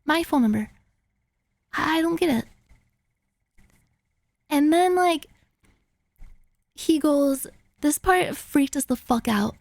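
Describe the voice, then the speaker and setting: High, gravelly-voiced young woman streamer. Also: takes it slowly, pauses often, dry recording. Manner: animated, filler-heavy, swearing, acts out quotes. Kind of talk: casual storytelling chat.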